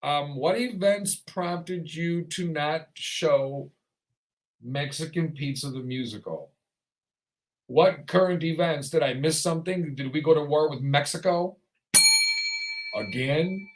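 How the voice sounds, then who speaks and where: A man's voice: on the high side, lively intonation, takes it slowly. A man hosting a talk show, ranting through his commentary in a sarcastic way.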